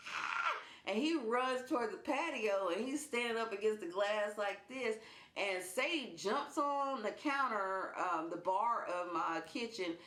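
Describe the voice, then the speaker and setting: A woman vlogger telling a personal story in a casual, animated way, laughing as she goes. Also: medium pitch. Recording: roomy indoor echo.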